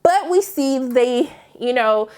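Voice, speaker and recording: A woman's voice: sits high, expressive, slow, darkish tone, clear, resonant tone. A woman host giving a chatty, sassy TV episode recap, talking straight to her viewers. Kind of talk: casual TV recap commentary.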